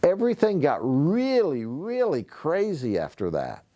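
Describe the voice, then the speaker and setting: Male sheriff reading aloud to kids; slow, expressive, lively pitch. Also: muffled recording. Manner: expressive storytelling. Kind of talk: reading a novel aloud to schoolchildren.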